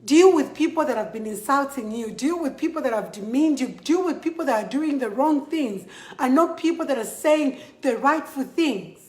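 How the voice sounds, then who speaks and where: A woman's voice: high voice, animated, normal speed, a little mellow, roomy sound. A Zambian woman speaking angrily and emphatically to camera, switching between English and a local language. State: angry. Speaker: model addressing followers. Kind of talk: impassioned vlog to camera.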